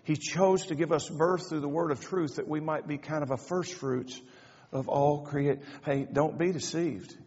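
Older man, pastor, high-pitched and folksy, preaching in a reverberant church on a dull, lo-fi recording. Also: fairly even intonation, normal speed, darkish tone, slightly rough. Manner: folksy, joking asides building to fervent preaching. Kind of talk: sermon. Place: church sanctuary. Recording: echoey church hall, dull lo-fi sound.

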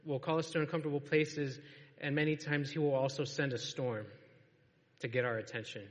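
A man's voice: fairly high pitch, fairly even intonation, a little fast. A man preaching a sermon to a congregation in a church, in a casual storytelling way and laughing often. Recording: long reverb of a large hall.

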